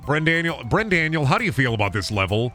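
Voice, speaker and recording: A man's voice: on the high side, very animated, fast, pushed and bright, soft background music. Cursing, frustrated young man streamer. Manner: profane, frustrated ranting with mock denial. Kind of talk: gameplay commentary.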